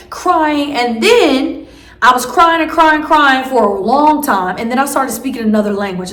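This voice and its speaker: A woman's voice: sits high, fairly bright tone, roomy sound. A woman vlogger telling a story casually, rambling with many fillers and restarts.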